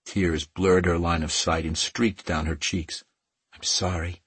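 A man reading romance fiction aloud as an audiobook narrator, in a measured, softly emotive way. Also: sits low, flat delivery, breathy edge, dry recording.

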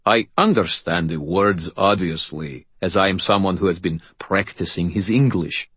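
A man's voice: sits low, normal speed, a bit bright, husky, no echo. A man voicing a big, formal male knight who speaks in a stiff, placid way. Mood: dry.

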